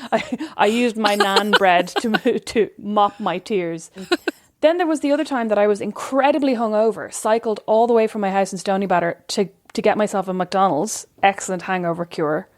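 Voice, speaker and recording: A woman's voice: mid-range voice, moderate pace. Irish female co-host, wry self-deprecating anecdotes, casual. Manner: wry self-mocking storytelling. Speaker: podcast co-host. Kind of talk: casual chat.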